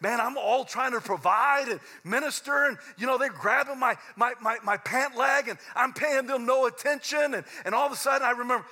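A middle-aged man, a pastor preaching a sermon, intense and conversational, swinging from loud fervent peaks to low quiet asides with stammered restarts. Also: fairly quick, hardly any pauses.

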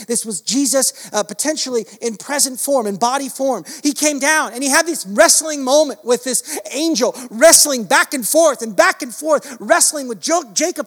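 A man preaching a sermon in a church hall, swinging between fervent loud passages and hushed ones. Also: extremely high pitch, normal speed, hardly any pauses. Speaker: pastor. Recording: long hall reverb with soft guitar behind.

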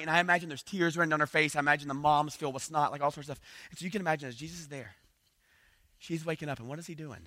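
A man from South Georgia, preaching a lively sermon full of playful asides and acted-out voices. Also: a little high, no room sound. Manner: animated, playful asides, acts out little voices. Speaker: pastor.

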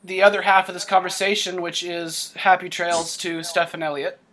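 Male podcast host, slightly high, analytical, chatty, quick to chuckle. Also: flat delivery, sharp tone, a little hiss or hum. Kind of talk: casual sports chat.

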